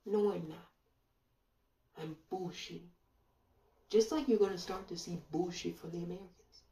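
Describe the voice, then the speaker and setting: Dark-voiced woman, sarcastic rhetorical monologue. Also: lowish voice, recorded from a distance. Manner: sarcastic, rhetorical questions, drawn-out pauses. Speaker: online commentator. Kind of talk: monologue commentary. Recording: roomy echo, voice away from mic.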